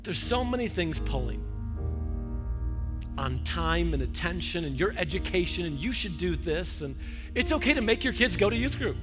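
A man's voice: high-pitched, moderate pace, over music. A male pastor preaching a verse-by-verse sermon, telling stories and acting out the voices he quotes. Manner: animated storytelling with quoted voices.

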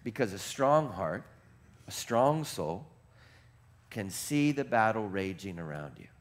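A man pastor preaching a sermon, moving from hushed, reflective passages to shouted, rapid-fire exclamations, and putting questions to the congregation. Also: fairly low pitch, very animated.

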